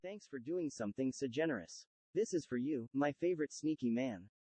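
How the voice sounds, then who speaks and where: Mellow male thank-you clip, flattering, a man reads it, heard from a distance. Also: mid-range voice, brisk, no room sound, close to an everyday voice.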